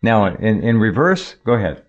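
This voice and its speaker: A man co-hosting a casual chat, emphatic and quick to agree and sum things up. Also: on the low side, sing-song, highs cut off. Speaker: co-host.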